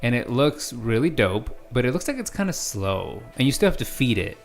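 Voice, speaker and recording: A man's voice: medium pitch, sing-song, moderate pace, soft background music. A man co-hosting a podcast in casual chat, joking around and swearing freely. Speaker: podcast co-host.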